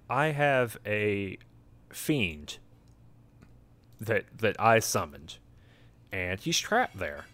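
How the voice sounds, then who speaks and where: A man's voice: on the low side, a bit bright, clean tone, dry recording. A man voicing a scheming female quest-giver, insistent and secretive, in a plain voice.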